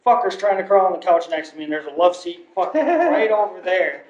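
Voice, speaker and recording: A man telling animated, profane stories in casual chat. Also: sits high, brisk, crowd noise. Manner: animated, swearing storyteller. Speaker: podcast guest. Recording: roomy, dull lo-fi sound.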